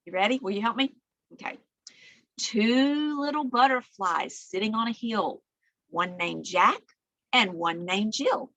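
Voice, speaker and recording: A woman librarian leading a children's storytime, reading aloud with big animated swings between soft whispers and high calls. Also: unhurried, dry recording.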